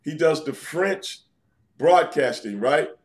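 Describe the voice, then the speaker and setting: A New York City man, a former pro wrestler appearing as a guest on a casual podcast interview, teases and quizzes the hosts in a laid-back way. His voice is fairly high and animated, with a slow pace.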